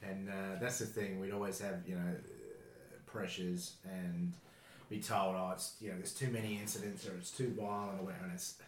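A man's voice: deep voice, moderate pace, reverberant, a little hiss or hum. A man hosting a casual podcast, talking in an opinionated, reflective way. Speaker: podcast host.

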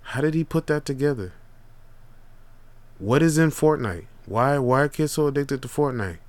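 A young man hosts a podcast, telling casual stories in an animated monologue full of profanity and laid-back slang. His voice is mid-range at a normal speed, with no room sound.

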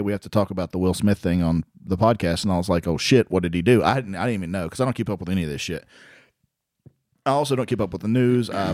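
A man's voice: lowish voice, darkish tone, dry recording, clean studio sound. A man co-hosting a comedy podcast, talking in casual profane banter, teasing and sarcastic. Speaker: podcast co-host.

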